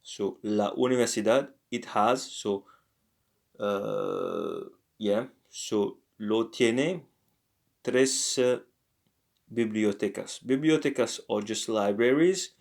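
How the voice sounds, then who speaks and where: A man teaching a casual language lesson, talking slowly and haltingly with many fillers and self-corrections. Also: lowish voice, gravelly. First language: French.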